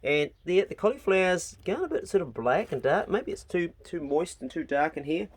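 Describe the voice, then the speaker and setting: Kiwi farmer guy chatting on his phone, relaxed, swears a bit, talks to his dogs. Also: on the high side, normal speed, slightly rough. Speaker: farmer vlogger. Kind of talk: casual walk-and-talk vlog. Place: farm garden and dog kennels, outdoors. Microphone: phone held while walking.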